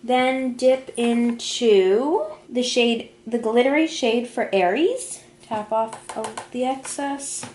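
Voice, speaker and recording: Woman beauty vlogger, slightly raised pitch, casual step-by-step tutorial chat, roomy echo. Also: slow pace, few pauses, darkish tone. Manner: chatty, talks through each step while applying makeup. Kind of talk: casual makeup tutorial narration. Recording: echoey room.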